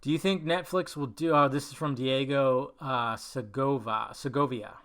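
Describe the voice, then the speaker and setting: A man hosting a podcast, answering viewer questions in a casual live chat with profane, animated rants. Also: mid-range voice, moderate pace. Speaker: podcast host.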